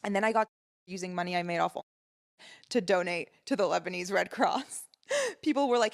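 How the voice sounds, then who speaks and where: A woman telling her story casually, animated and indignant. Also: fairly low pitch, moderate pace, creaky, pauses often.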